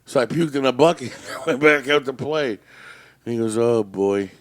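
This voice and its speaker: A man's voice: mid-range voice, moderate pace. A man co-hosting a podcast in casual chat, telling stories with plenty of swearing and acting out both sides of a conversation. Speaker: podcast co-host.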